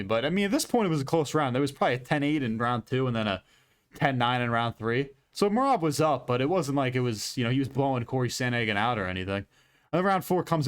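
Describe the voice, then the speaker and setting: Blunt, animated young man recapping fights. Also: medium pitch, smooth. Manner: blunt and profane, animated rambling. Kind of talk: casual fight recap commentary.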